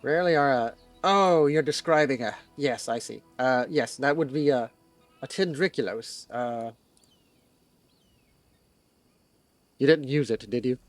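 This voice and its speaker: Man putting on a curt, suspicious old hag witch, gruff and scolding, a little low and soft. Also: normal speed, no room sound, faint music behind, natural voice.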